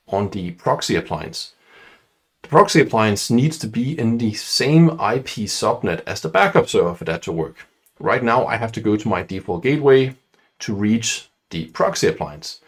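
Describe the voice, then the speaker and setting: Instructor, male, lowish husky voice, reads the question, then thinks out loud and hesitates a lot. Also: big pitch swings, moderate pace. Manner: reads aloud, then thinks out loud with many fillers and restarts. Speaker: IT certification instructor. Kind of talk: talking through an exam question.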